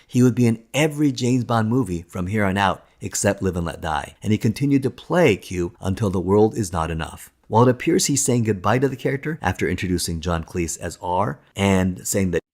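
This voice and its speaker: A man narrating a film documentary in a steady, enthusiastic storytelling manner. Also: on the low side, a little fast, hardly any pauses. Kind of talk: scripted narration.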